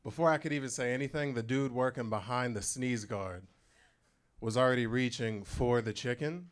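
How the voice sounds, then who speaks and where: A man's voice: mid-range voice, moderate pace. A young man from Arizona doing a crude, conversational stand-up set on a comedy club stage, with the audience laughing. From Phoenix, Arizona. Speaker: stand-up comic.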